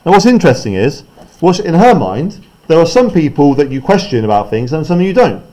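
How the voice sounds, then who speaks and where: A man's voice: a little high, very animated, brisk, warm tone. Chatty male teacher explaining a play. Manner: chatty, explaining, often checks in with "right?". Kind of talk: classroom text analysis.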